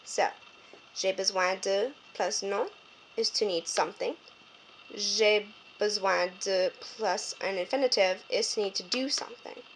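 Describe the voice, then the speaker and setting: Woman tutoring French, patient and slow. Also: medium pitch, a little hiss or hum, rough recording. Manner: explains step by step, slows down to spell out French phrases; corrects herself often. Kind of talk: homemade tutoring lesson.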